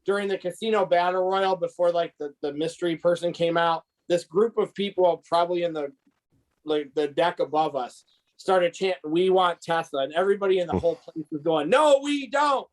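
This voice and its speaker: A man's voice: on the high side, steady tone, a little fast, a little mellow, rough recording. A man co-hosting a podcast, telling rambling stories in casual chat with many restarts. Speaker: podcast co-host.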